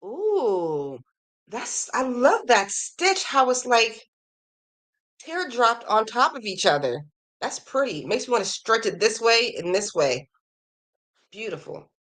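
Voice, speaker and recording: A woman's voice: on the high side, very animated, takes it slowly, fairly bright tone. Chatty, gushing woman podcast host. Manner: chatty and enthusiastic, gushing over viewers' work. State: slightly losing her voice. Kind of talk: casual chat reading viewer emails.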